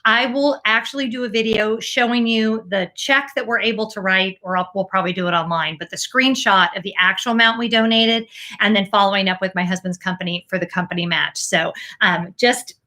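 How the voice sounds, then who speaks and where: A woman's voice: medium pitch, steady tone, fairly quick, sharp tone. A middle-aged woman hosting a casual live stream, chatty and full of fillers, thanking viewers effusively for their donations. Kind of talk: casual live-stream chat reading super chats.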